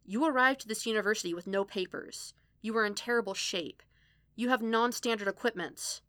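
A woman voicing a brisk female scientist who speaks in firm, clipped, matter-of-fact sentences. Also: medium pitch, pushed and bright, no echo, studio quality, close to an everyday voice.

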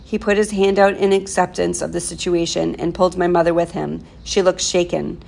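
Gravelly low-voiced woman reading aloud. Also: a little fast. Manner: plain, steady storytelling. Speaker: teacher. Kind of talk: reading a novel aloud to a class.

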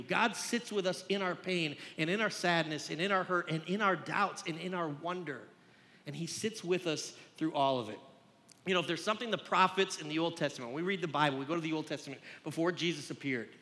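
A man's voice: a little high, pushed and bright, in a large hall. A man preaching a sermon as a pastor, earnest and conversational as he talks the congregation through scripture.

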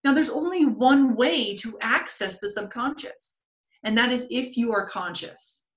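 A woman's voice: fairly high pitch, a little slow. A woman co-hosting a spiritual podcast, explaining ideas step by step in casual chat. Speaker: podcast co-host. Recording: roomy echoey audio.

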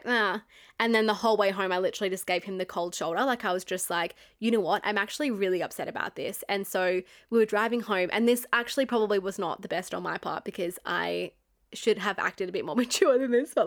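A young woman casually telling a personal story, chatty and full of filler words, often breaking into laughter. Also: medium pitch. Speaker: storyteller recounting a past relationship.

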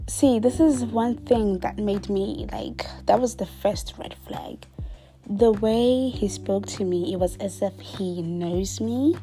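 Twenty-something girl doing a dramatic storytime vlog, warm mellow voice, little whispered asides, faint music behind. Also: medium pitch, slow. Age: 20s. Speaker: vlogger. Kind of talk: casual storytime monologue.

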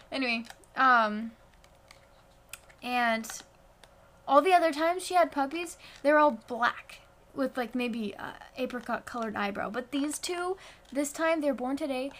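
A woman's voice: sits high, expressive, unhurried, a bit bright. A woman hosting her own podcast in rambling, self-deprecating casual chat, recorded on a phone while sitting on the floor at home. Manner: rambling, chatty, self-deprecating, many fillers. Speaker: podcast host.

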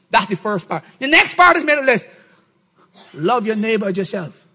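A middle-aged man preaching a sermon, swinging from shouts to low murmurs. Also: animated, moderate pace, slightly rough. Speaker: pastor.

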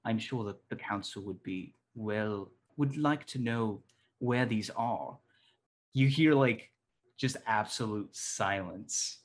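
This game master for a tabletop game has a fairly low voice and narrates calmly, pausing often and using lots of fillers.

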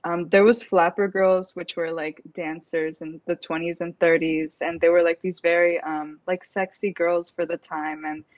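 A woman's voice: lowish voice, level tone, normal speed, few pauses, no echo. A woman guest on a casual podcast, giggly and rambling with lots of fillers. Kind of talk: casual chat. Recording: slightly dull lo-fi audio.

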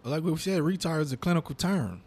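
A man's voice: on the high side, expressive, brisk, darkish tone. A man co-hosting a podcast, firing off blunt, crude, joking retorts in casual chat. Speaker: podcast co-host.

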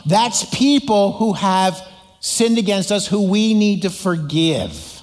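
A man preaching a sermon as pastor, telling stories with acted voices and prompting the congregation to answer. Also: high-pitched. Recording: hall reverb.

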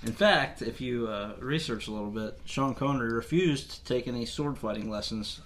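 A man's voice: mid-range voice, moderate pace, a bit bright. A man with a mid-range voice trades dry, teasing remarks in a casual podcast chat about films. A faint layer of noise sits in the background. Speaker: podcast co-host. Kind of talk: casual movie discussion.

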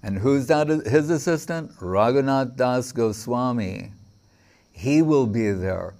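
A man's voice: mid-range voice, lively intonation, slow pace, darkish tone. A man giving a devotional lecture, telling stories with quoted dialogue and frequent fillers. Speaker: spiritual teacher.

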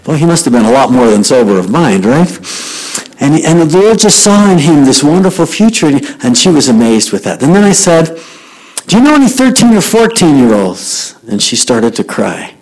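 Animated storytelling man. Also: on the high side, normal speed, low-quality recording. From Utah. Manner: animated storyteller, acting out both sides of a dialogue. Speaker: youth speaker. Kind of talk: storytelling talk to youth.

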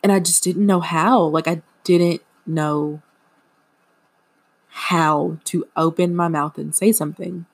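Young woman w a low voice rambling on her podcast, lots of likes, kinda self-mocking. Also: fairly even intonation, takes it slowly, creaky, husky. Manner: rambling, filler-heavy, self-deprecating. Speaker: podcast host. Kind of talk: casual confessional chat.

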